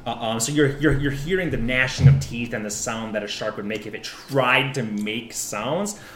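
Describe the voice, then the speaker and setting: A man's voice: mid-range voice, moderate pace, a bit bright, slight background noise. Man, game master, rambling narration, many fillers, roomy echo.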